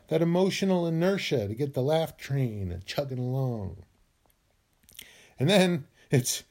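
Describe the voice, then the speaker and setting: Male podcast host, slightly high, very animated pitch, playful, acts out each emotion. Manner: playful, acts out emotions with mock laughs and sobs. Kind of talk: short scripted podcast monologue.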